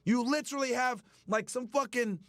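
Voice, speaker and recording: A man's voice: very high-pitched, normal speed, a bit bright, no echo, clean studio sound. A man hosting a stream, delivering a heated, profane rant that mocks the people he talks about. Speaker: streamer host. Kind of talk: angry ranting commentary.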